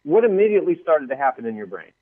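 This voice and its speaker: A man's voice: a little high, racing, no echo. A male author as an interview guest, telling stories animatedly and acting out the voices of people he quotes. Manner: lively, acts out quoted voices, laughs often. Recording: dry phone-line sound.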